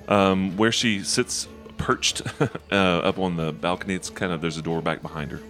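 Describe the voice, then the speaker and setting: A man with a very low voice narrates a tabletop game as game master. He talks easygoing and loose, with light music under the recording. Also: fairly even intonation, moderate pace, fairly bright tone. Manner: easygoing, laughs often, voices tavern guards.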